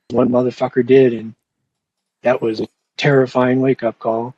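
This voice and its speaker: Husky young man telling a story. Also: mid-range voice, little pitch movement, normal speed, darkish tone, dry recording, lo-fi sound. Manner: rambling, profane, with fillers and restarts. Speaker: podcast host. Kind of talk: casual storytelling.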